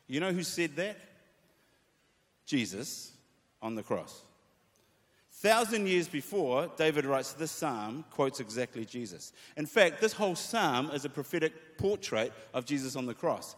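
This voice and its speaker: A man preaches in a lively, animated way, voicing scripture lines with feeling. His voice sits fairly high for a man. The sound rings with the long reverb of a large hall. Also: normal speed. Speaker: pastor. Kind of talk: sermon to worship leaders.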